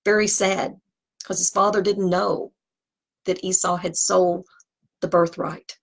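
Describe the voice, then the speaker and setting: Husky-voiced woman teaching scripture. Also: on the low side, flat delivery, slow pace. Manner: conversational, digressive, with asides. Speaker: Bible teacher.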